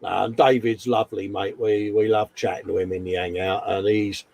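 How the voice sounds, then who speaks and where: A man's voice: on the low side, little pitch movement, normal speed, vocal fry, a little mellow, low-quality recording. A man hosting a live hobby stream in casual chat, laughing often and calling everyone mate.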